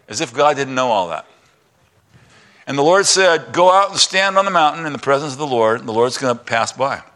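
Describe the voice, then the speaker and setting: A man preaching a sermon, retelling scripture with voiced parts, dropping to a hush for God and rising high for Elijah. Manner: drops to a hushed voice for God's lines, climbs high for Elijah's complaints. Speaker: pastor.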